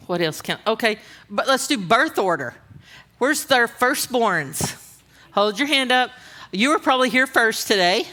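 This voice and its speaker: A woman's voice: fairly high pitch, bright, forceful tone. A woman giving a conversational, humorous sermon at a women's conference, often asking the audience questions. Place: church auditorium.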